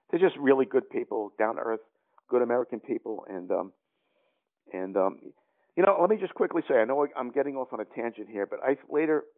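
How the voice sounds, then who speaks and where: An older man with a New York accent, telling a long story as an interview guest in a rambling way full of fillers and restarts. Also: mid-range voice. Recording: tinny phone line.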